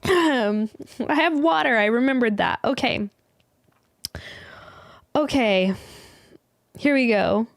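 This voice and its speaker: A hoarse woman with a fairly high voice, hosting a casual live stream and speaking slowly. She giggles often and keeps clearing her throat as her voice comes back. The sound is dry and close. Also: dry recording. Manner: giggly, breaks into laughter often; clears her throat and coughs now and then. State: hoarse, recovering from a lost voice. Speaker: yarn shop live stream host.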